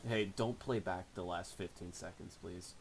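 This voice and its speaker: In a rough recording, a young man in his late teens streams gameplay and casually swears at his friend in crude trash talk. His low, creaky voice holds a steady tone at normal speed.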